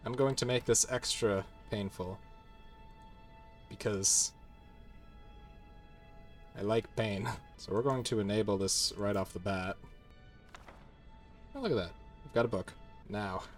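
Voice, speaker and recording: Low-ish voiced guy rambling and cussing thru a game, some faint music in the back. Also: unhurried, pauses often. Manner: chatty, swears and laughs while playing. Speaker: gaming channel host. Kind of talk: casual gameplay commentary.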